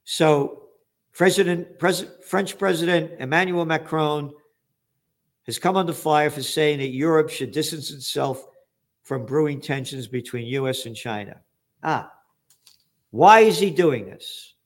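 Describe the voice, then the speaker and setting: A man's voice: a little high, steady tone, a little slow. An older man giving blunt, sarcastic news commentary, reading out headlines and adding profane asides. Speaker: trends forecaster hosting a news commentary show.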